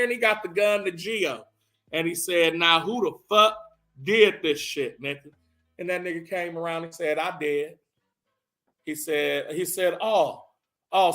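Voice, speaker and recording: Dude with a high bright voice doing a wild profane movie recap, acts out all the lines. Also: male voice, vocal fry. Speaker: comedic storyteller recapping a film. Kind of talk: animated comedic movie recap.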